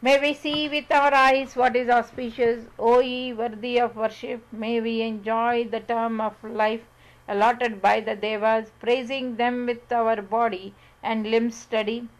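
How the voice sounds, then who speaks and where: A woman reading scripture aloud, measured and deliberate, pausing over long lists of sacred syllables. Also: fairly high pitch, level tone, low-quality recording. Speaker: scripture reader. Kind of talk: slow scripted recitation of scripture.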